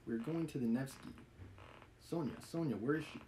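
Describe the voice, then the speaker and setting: A man's voice: medium pitch, normal speed, dark tone, slight background noise, pitched above the performer's own voice, natural voice, low-quality recording. A man reading a novel aloud, voicing a frantic, proud, impoverished widow in a lofty, pleading manner.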